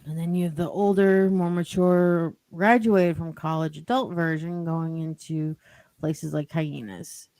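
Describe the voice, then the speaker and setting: A woman's voice: deep voice, fairly even intonation, a little slow, mellow, no room sound. Rambling woman telling a story. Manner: rambling, with lots of "like" and "you know". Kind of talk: casual storytelling.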